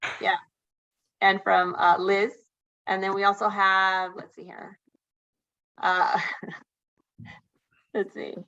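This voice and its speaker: A woman hosting a webinar on a video call, reading out chat comments in a quick, upbeat way. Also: mid-range voice, level tone, sharp tone, highs cut off. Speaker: webinar host.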